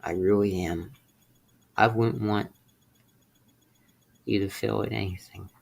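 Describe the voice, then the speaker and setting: Tearful low-voiced young man, gravelly. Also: steady tone, a little mellow. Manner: halting, tearful, swearing in frustration. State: close to tears. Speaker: streamer. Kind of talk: emotional personal confession.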